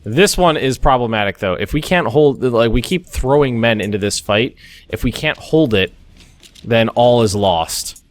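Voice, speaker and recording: An American young man talks at a moderate pace in an animated, mid-range voice, casually commenting on a strategy game in a let's play. He reasons aloud, restarts frequently, and slips in asides. There's no echo, just faint background music.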